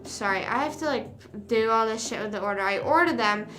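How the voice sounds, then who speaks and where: High-voiced rambling woman streamer. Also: fairly quick, fairly bright tone, soft background music. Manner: rambling, venting, swears casually. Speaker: live streamer. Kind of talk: casual livestream chat.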